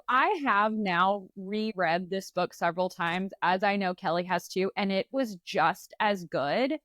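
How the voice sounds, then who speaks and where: A woman's voice: medium pitch, a bit bright, no echo, clean studio sound. Bubbly woman, chatty podcast host. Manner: bubbly, laughing easily. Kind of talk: casual book-chat.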